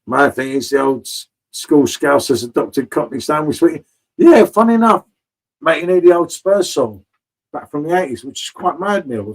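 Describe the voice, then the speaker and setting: A man's voice: on the high side, poor audio. A man in casual live-stream chat from a home bar, chatty and swearing freely, calling everyone mate.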